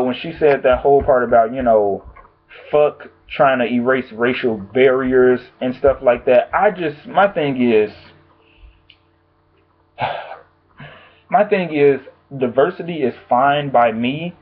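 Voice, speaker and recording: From home, a man vlogs blunt, profane, exasperated takes on the news as casual opinion commentary. His mid-range voice is unhurried, and the audio sounds tinny, like a phone.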